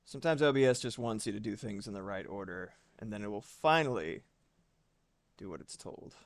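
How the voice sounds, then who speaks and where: A man's voice: lowish voice, animated, a little fast, no echo. A man streaming live from home, chatting casually with his audience and swearing now and then.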